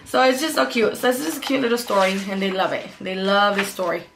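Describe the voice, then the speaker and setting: Upbeat chatty mom vlogger. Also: female voice, medium pitch, fast talker, vocal fry, background noise. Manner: chatty and upbeat, repeats "super cute". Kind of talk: casual book review vlog.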